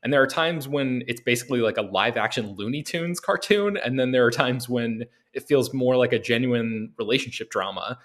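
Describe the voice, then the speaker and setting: A man from the American South hosting a casual film podcast, talking with many pauses and restarts. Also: medium pitch, a bit bright. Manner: hesitant, many ums and restarts. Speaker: podcast host.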